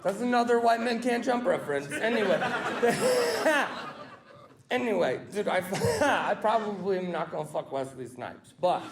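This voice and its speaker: Stand-up comic, man, from the US South, very high voice, brash and profane, echoey club with a roaring crowd. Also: heavy background noise. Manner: brash, profane, shouting punchlines. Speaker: stand-up comedian. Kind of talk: stand-up comedy set. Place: comedy club stage with live audience.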